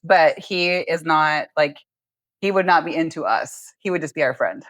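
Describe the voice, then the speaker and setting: Low-voiced woman telling a lively story. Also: moderate pace, no room sound. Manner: animated storyteller, acts out dialogue, swears casually. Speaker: podcast host. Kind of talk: casual storytelling chat.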